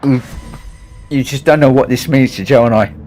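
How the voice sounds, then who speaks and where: A man's voice: medium pitch, normal speed, a little mellow, soft background music. A man hosting a charity gaming livestream, emotional and grateful, repeating his thanks as he gets choked up. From United Kingdom. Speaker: livestream host and racing gamer.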